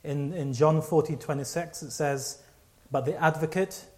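Man preaching a lively sermon. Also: on the high side, normal speed. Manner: animated storytelling with repeated restarts.

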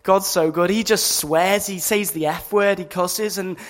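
Earnest young man preaching, even high voice. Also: measured pace. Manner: earnest, casual, many fillers like "you know" and "just". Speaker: Christian speaker at a campus meeting. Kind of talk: informal sermon testimony.

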